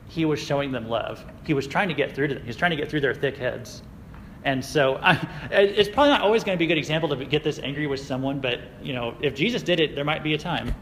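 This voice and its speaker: A man preaching a sermon to a youth group in a casual, conversational way, with fillers and quick laughs. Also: a little high, fairly bright tone, long reverb tail, a little hiss or hum, poor audio. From United States. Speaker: youth pastor. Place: church sanctuary.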